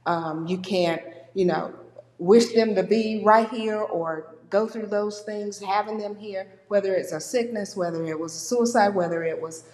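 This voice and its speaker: A woman's voice: medium pitch, normal speed. A woman giving a conversational church talk on grief, acting out the people she quotes. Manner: warm conversational, acts out quoted people with lively voices. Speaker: speaker at a church. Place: church sanctuary. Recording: echoey church hall with long reverb.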